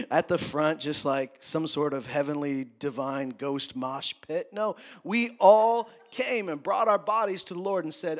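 High-voiced man preaching casually. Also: steady tone. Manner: conversational and joking, with quick asides. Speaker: pastor. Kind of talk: sermon.

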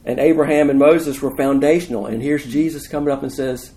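A man's voice: mid-range voice, steady tone, brisk, few pauses, mellow, slight background noise. A man preaching a sermon in a conversational, emphatic way, asking the listeners questions. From United States.

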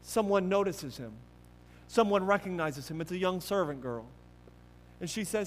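A man preaching a sermon earnestly and emphatically, with many restarts, swinging between loud stresses and hushed passages. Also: high voice, expressive, moderate pace, long pauses, long reverb tail, a little hiss or hum. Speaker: pastor.

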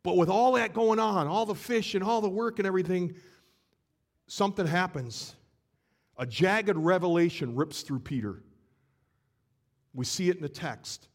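Animated, higher-voiced male preacher. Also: moderate pace, pauses often. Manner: storytelling, acts out scenes with shifting energy. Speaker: pastor. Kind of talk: sermon.

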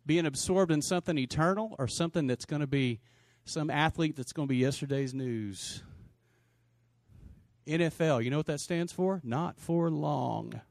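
A man preaching a sermon to a congregation, animated, with shouted exclamations and call-and-response. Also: on the high side, normal speed, gravelly, no room sound, clean studio sound. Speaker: pastor.

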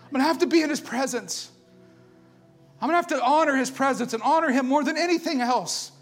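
High-voiced impassioned male preacher. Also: brisk, soft background music. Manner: impassioned, rhetorical questions, swings from loud to hushed. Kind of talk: sermon.

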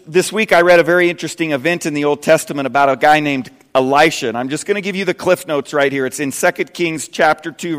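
A pastor in his fifties delivers a sermon, his fairly high voice sinking to quiet, low asides before climbing to loud, emphatic points. He sounds earnest throughout, and a long church-hall reverb trails each phrase.

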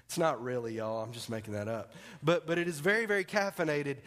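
A pastor delivering a sermon in a casual, joking way, often dropping his voice low and soft to press a point home. His voice sits slightly higher than most men's. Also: fairly even intonation, quick pace. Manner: conversational and joking, drops to quiet emphasis.

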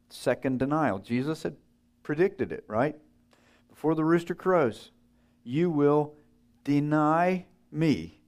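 A man's voice: a little high, expressive, takes it slowly, darkish tone. A man preaching a sermon in a conversational way, putting questions to his listeners and acting out the voices in a story he tells.

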